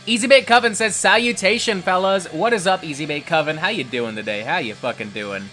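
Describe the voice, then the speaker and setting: A man's voice: a little high, animated, fast, bright, forceful tone, faint music behind. A man hosting a livestream, reading chat and ranting in a profane, combative way. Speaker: livestream host.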